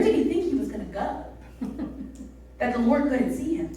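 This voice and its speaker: Animated woman preaching in an echoey hall. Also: a little high, normal speed, pauses often. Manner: chatty, animated storytelling with the crowd. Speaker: youth pastor. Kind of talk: sermon. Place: church service hall. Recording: roomy echo, mic from a distance.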